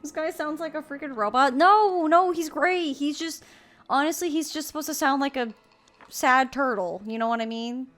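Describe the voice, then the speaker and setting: A woman's voice: high voice, fairly quick, fairly bright tone, soft background music. A woman streaming a mystery game, chatting playfully with her viewers. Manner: bubbly, chatty, playful asides to chat. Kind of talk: casual live-stream chat.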